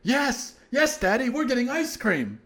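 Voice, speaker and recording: A man doing a squeaky excited little girl. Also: unhurried, full character voice. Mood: excited pleading. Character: excited little three-year-old girl, eager and insistent.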